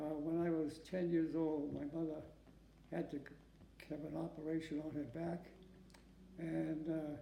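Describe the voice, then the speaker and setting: A man in his nineties from Massachusetts, a war veteran giving an oral history interview at home, who speaks haltingly, repeats words and often asks for questions again. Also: on the high side, gravelly, mellow, slight background noise. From Massachusetts, USA. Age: 90s. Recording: echoey room.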